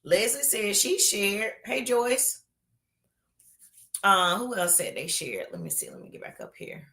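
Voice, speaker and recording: A woman pastor hosting an online Bible study, chatting casually with drawn-out emphasis while reading viewers' comments aloud. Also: mid-range voice. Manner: animated, drawn-out emphasis, calls people baby.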